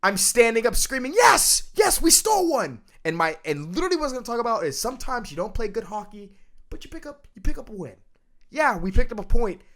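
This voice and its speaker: Ranting, animated male podcast host. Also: fast. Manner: emphatic, ranting, swings between loud outbursts and low mutters. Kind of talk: casual sports podcast chat.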